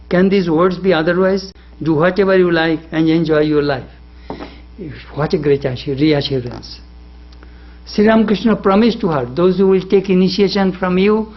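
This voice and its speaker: A man's voice: a little high, moderate pace, highs cut off. A monk giving a devotional lecture, telling stories and rising animatedly when he quotes. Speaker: monk lecturing on spiritual life.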